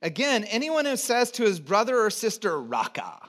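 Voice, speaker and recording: A middle-aged man from the United States preaches in a church, his voice sitting high for a man. He talks to the congregation like a conversation, has them repeat words back and drops in joking asides. He swings from loud, emphatic lines down to quiet, low ones. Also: lively intonation, normal speed. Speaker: pastor. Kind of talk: sermon.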